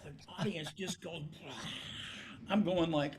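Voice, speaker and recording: Over some background noise, an older man with a fairly high voice talks slowly as a musician guest on a podcast interview. He's an animated storyteller, acting out the voices of the people in his tales and their quoted dialogue.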